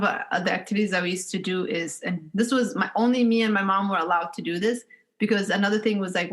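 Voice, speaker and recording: Animated woman from Somalia telling stories. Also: on the low side. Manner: animated, laughs often while telling stories. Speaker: podcast guest. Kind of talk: casual storytelling.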